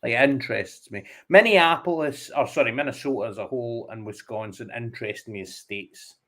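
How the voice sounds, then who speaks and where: A man's voice: mid-range voice, fairly quick, fairly bright tone. A man with a Scottish accent, a guest on a casual podcast. He muses and rambles in an easy, conversational way. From Scotland.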